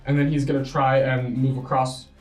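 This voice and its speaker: A man's voice: mid-range voice, level tone, darkish tone, faint music behind. Man, game master, casual narration, echoey room, distant mic. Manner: brisk, easygoing narration with many fillers.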